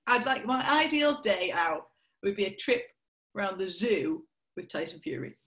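A woman's voice: mid-range voice, animated, moderate pace, a bit bright. A woman comedian, a guest in a casual podcast chat, who talks playfully and teases her host. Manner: playful, teasing, laughs often.

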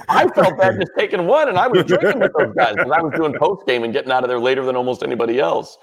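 A man, a sports broadcaster, chatting as a guest and telling animated stories. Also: a little high, a little fast, creaky, pauses often, husky. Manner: animated storyteller, does voices. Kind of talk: casual chat on a radio podcast.

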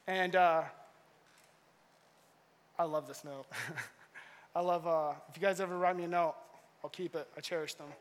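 A young man telling a story during a casual sermon, animated and full of laughs and filler words. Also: a little high, a little slow, pauses often, clean tone. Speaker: youth pastor. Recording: long hall reverb.

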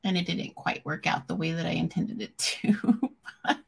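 A woman's voice: on the low side, fairly even intonation, normal speed, gravelly, breathy edge. A woman in her forties who hosts her own show, chatting openly and emotionally with frequent ums. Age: 40s. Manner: candid and emotional, with frequent ums and self-restarts. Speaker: podcast host. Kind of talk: casual chat.

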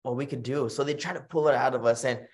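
A man with a Texan accent, a retired boxer and guest on a podcast, telling personal stories in a casual, animated way, often acting out what others said and restarting his sentences. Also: mid-range voice, quick pace. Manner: animated storytelling, acts out quoted voices, frequent fillers and restarts. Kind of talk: storytelling in casual conversation.

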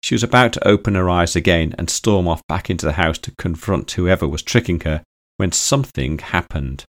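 A man narrating a story audiobook in a steady, even reading style. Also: low-pitched, fairly quick, dry recording, studio quality.

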